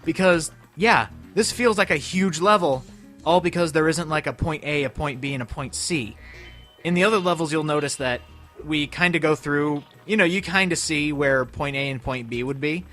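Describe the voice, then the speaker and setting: A man casually commenting on a video game as he plays, animated and breaking into loud playful outbursts. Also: on the high side, moderate pace. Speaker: let's play host. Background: game music.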